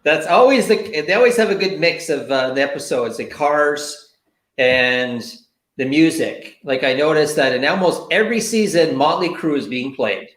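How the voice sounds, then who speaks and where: A man co-hosting a casual live chat, rambling easily and laughing often. His voice sits a little high for a man. The room around him sounds echoey and live. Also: animated, normal speed, fairly bright tone. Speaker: show co-host.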